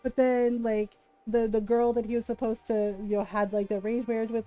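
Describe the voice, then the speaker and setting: A woman's voice: on the high side, little pitch movement, fairly quick, dark tone, muffled recording, soft background music. A woman livestreamer chatting casually while gaming, rambling through stories with many fillers and frequent laughter.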